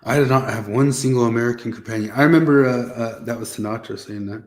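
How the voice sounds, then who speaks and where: Relaxed podcast dude, average pitch, chuckles and trails off a lot. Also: male voice, quick pace. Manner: easygoing, laughs often, trails off. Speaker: podcast co-host. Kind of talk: casual chat.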